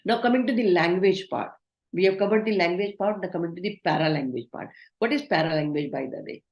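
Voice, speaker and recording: A woman's voice: fairly low pitch, fast, a little mellow. Woman trainer lecturing in a roomy space. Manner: instructive, asks the class questions. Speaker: communication trainer. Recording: roomy echo.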